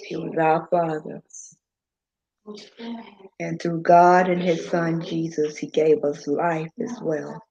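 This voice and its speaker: A woman hosting a podcast livestream with her sibling, talking slowly and emotionally about their late father. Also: low voice, level tone, creaky, warm tone. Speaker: podcast host. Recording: dull lo-fi livestream audio with faint noise.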